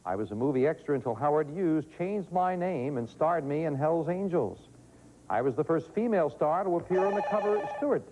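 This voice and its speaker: A man hosting a quiz show, reading questions and joking with contestants in quick patter, on a noisy 1980s TV tape. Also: fairly high pitch, expressive, lo-fi sound. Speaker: game show host.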